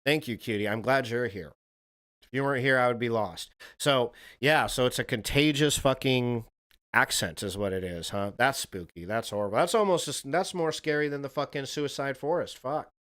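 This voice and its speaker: Man, casual streamer chat, mid-pitched voice, swears a lot, meanders. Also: lively intonation, normal speed, fairly bright tone. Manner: rambling and profane, talks to chat viewers. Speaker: streamer reacting to videos.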